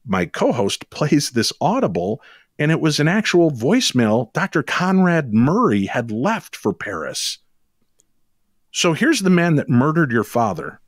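Guy telling wild stories on a podcast, quick and animated, pitch jumps up a lot, dry close mic. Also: no room sound. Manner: animated, quick storytelling with sudden rises in pitch. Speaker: guest, paranormal radio show host. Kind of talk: storytelling in a podcast interview.

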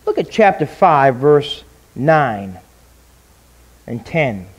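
A man pastor preaching a sermon, emphatic, with rhetorical questions and pauses. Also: mid-range voice, very animated, slightly rough.

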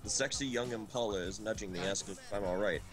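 Low-voiced man doing a deadpan reading. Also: fast talker. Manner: deadpan, stumbles on words. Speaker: streamer reading a story aloud. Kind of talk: comic dramatic reading. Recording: loud game music behind. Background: game music.

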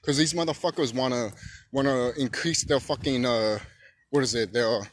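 A man ranting on his own channel in a loose, profane monologue. His voice keeps swinging into emphatic shouting. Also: mid-range voice, normal speed, a little hiss or hum. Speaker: YouTube channel host.

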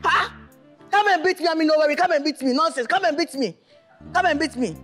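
A man plays a flustered, broke man begging over the phone. He stammers and repeats himself, his voice very high and lively, with a bright, sharp edge. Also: a little fast, faint music behind, full character voice. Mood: pleading. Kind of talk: comedy skit acting.

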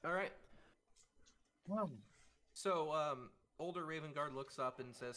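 A man's voice: fairly high pitch, pushed and bright, slight background noise. A man narrating a live tabletop game as game master, with many fillers and restarts. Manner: halting, frequent fillers and restarts. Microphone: streaming mic.

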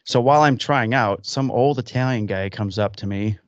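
A man's voice: mid-range voice, moderate pace, hardly any pauses, no room sound. A man in his fifties hosts a podcast from what sounds like a home workshop, spinning loose, rambling stories and acting out what other people said. His voice sits in an ordinary middle range. The recording is dull and a bit muffled, with a close, dry sound. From Illinois. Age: 50s. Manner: rambling anecdotes with acted-out quotes. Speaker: podcast host. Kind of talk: casual storytelling chat.

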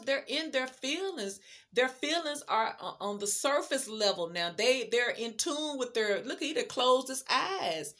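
A woman giving a casual tarot reading, chatty and emphatic, speaking straight to the viewer. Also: mid-range voice. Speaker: tarot card reader.

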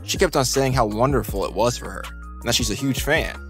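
A man reading a scripted countdown narration in an even, steady delivery. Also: mid-range voice, fairly quick, faint music behind.

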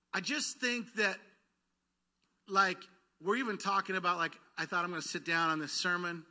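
Male pastor, slightly high, very bright voice, lively sermon delivery with call-and-response. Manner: engaging the congregation for call-and-response; lively, quick bursts then slowed words. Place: church sanctuary.

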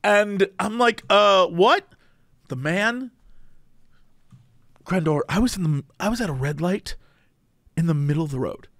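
A podcast co-host tells a story in a loose, casual way, animated and full of restarts. His voice sits high for a man. It sounds dry and close, as if recorded on a studio mic. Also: normal speed, pauses often, no echo. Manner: animated, rambling, self-interrupting.

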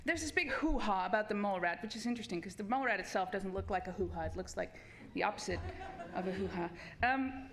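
A woman's voice: mid-range voice, fast. Woman, researcher, comic debate speech, hesitant, repeats herself, wry, faint background noise. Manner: hesitant, stammering, wry deadpan humor. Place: stage at a science festival debate.

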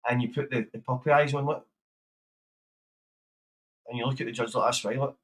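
A man's voice: medium pitch, steady tone, normal speed, fairly bright tone, low-quality recording. Sweary man giving blunt advice. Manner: blunt, sweary, laughs often, gives advice. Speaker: livestream host. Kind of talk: casual livestream chat.

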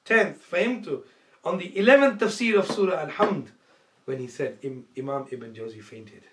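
Animated male religious teacher, echoey room. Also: normal speed, a little hiss or hum. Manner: acts out quoted dialogue with sudden loud, high outbursts. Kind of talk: storytelling religious lecture.

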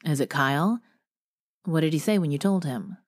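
A woman's voice: low-pitched, animated, normal speed. A woman voicing a brash, hot-tempered young male bear shifter who talks bluntly and swears, in an audiobook. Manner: blunt and profane.

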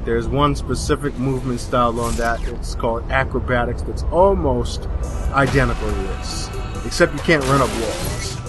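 Young man rambling over gameplay. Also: mid-range voice. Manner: rambling, jokey, with fillers. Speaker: gamer. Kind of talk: casual let's-play commentary. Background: game music.

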